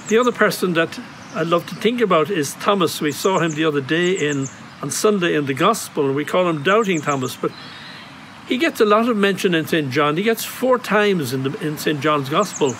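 An Irish priest giving a reflective homily outdoors at a grotto, telling stories in a gentle, conversational way. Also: male voice, fairly high pitch, a little hiss or hum, poor audio. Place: outdoor grotto on monastery grounds.

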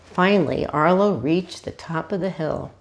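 A woman volunteer reading a children's storybook aloud, animated and asking her young listeners questions. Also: deep voice, measured pace, vocal fry. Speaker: hospital volunteer reader.

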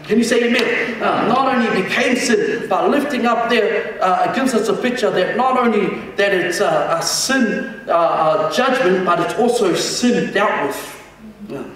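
A man's voice: high voice, measured pace, fairly bright tone, very echoey, big-room sound, far from the mic, low-quality recording. A man preaching a sermon as senior pastor in a church, calling the congregation to respond and often restarting his words.

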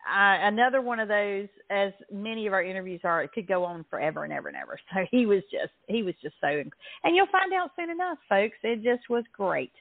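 A woman's voice: medium pitch, expressive, brisk, gravelly, hardly any pauses, dry recording. A woman with a Southern US accent co-hosting a radio chat show, bubbly and laughing, often restarting her sentences. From Southern United States. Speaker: radio co-host. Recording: tinny dry phone line.

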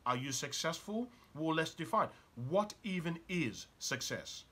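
A man gives a motivational talk in a bright, slightly husky voice. His pitch swings widely as he presses the listener with one probing question after another. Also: animated, a little slow. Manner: urgent and probing, fires rhetorical questions at the listener. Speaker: motivational speaker and author.

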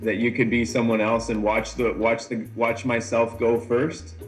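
A man's voice: medium pitch, little pitch movement, moderate pace, soft background music. A Canadian man with an easygoing manner, answering interview questions casually and laughing often. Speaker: pro mountain bike rider.

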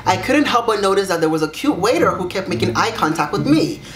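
A man's voice: lively intonation, fast, a crowd in the background. Sassy, dramatic young man vlogging. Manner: sassy and dramatic, swoops up high for emphasis. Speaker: YouTuber reading viewer secrets. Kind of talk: casual vlog reaction. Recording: echoey room with music behind.

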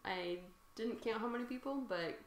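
A woman's voice: on the high side, normal speed, reverberant. A woman co-hosting a podcast in casual chat, playful and rambling as she thinks aloud. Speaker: podcast co-host.

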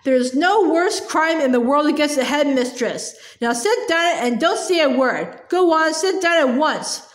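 A woman's voice: sits high, animated, unhurried. A woman voicing a furious, ranting female headmistress who roars threats, in an echoey room. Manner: roaring, threatening.

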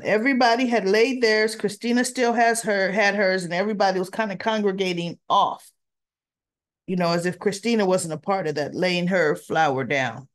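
A woman recapping a daytime soap episode in a casual, chatty way, acting out bits of the dialogue as she retells the scenes. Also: medium pitch. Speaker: soap opera reviewer.

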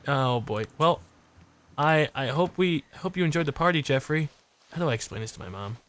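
A man hosting a let's play video, excitable and joking, swearing freely and jumping between muttering and yelping. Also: a little high, normal speed. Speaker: gaming channel host. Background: game music.

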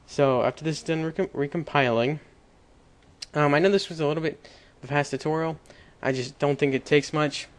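Fairly high in pitch and fairly quick, this young man's voice leads a casual screen-recorded coding tutorial. As host he rambles, chats with little laughs, and keeps correcting himself along the way.

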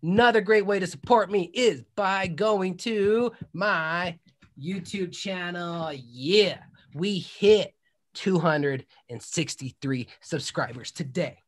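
A man hosting a podcast in a casual chat style. He talks in a hyped, loud way and often shouts and whoops. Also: high voice, slow. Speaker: podcast host.

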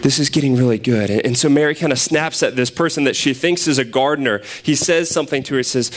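A young man preaching a sermon, retelling a scripture passage in a conversational, animated storytelling way. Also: medium pitch, fast, few pauses.

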